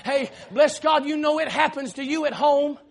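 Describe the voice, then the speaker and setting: A middle-aged man with a Southern accent preaching a sermon in church, telling a long story with frequent "uh" fillers and loud shouted peaks. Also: extremely high pitch, normal speed, creaky. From South Carolina.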